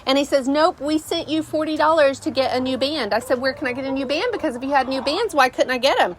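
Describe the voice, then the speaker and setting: A middle-aged woman vlogging outdoors at a rural homestead talks fast in a high voice, rambling through a casual story with many fillers. Slight hiss or hum is present.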